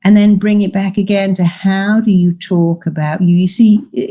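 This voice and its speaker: A woman's voice: mid-range voice, steady tone, moderate pace, hardly any pauses, dark tone, dull audio. An older woman, a therapist, giving emphatic coaching advice in a podcast interview and acting out quoted voices. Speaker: therapist and guest speaker.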